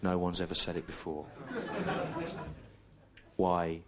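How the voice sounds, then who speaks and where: A male stand-up comedian telling a long story in a deadpan, slow, repetitive way, over audience laughter. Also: deep voice, very noisy.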